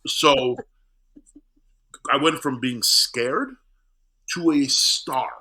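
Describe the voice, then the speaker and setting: Brief: middle-aged male comic guest, lively storyteller, bright edge to the voice. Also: medium pitch, very slow. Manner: animated, acts out voices. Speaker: comedian guest. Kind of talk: casual interview storytelling.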